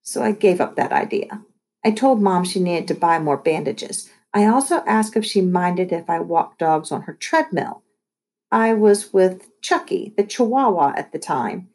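Low, husky woman reading a kids' book. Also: a little slow. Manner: lively storytelling with voiced asides. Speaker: audiobook reader. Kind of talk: reading a children's chapter book aloud.

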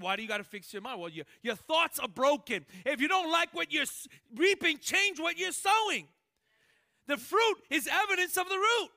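A man preaching a sermon as pastor, animated, swinging between loud emphatic lines and hushed ones. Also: very high voice, normal speed.

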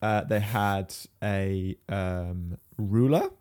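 A man co-hosting a casual tech podcast from his spare bedroom, joking and rambling in quick bursts. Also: lowish voice, darkish tone. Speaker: podcast co-host.

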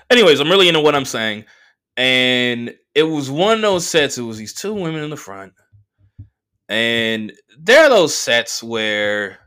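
Brief: male comedian-host, bright voice, lively swings in pitch, profane and rambling. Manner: profane, animated, lots of fillers. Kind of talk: casual storytelling monologue.

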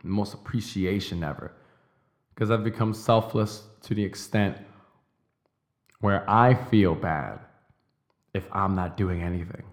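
Young male podcast host, lowish voice, intense and profane, slow hammered-out declarations. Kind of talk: motivational monologue.

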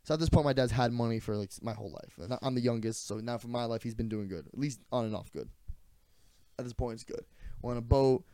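A man's voice: medium pitch, fast, dark tone, smooth, no echo. A young man telling a story in casual podcast chat, swearing freely and acting out the quotes. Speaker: podcast co-host.

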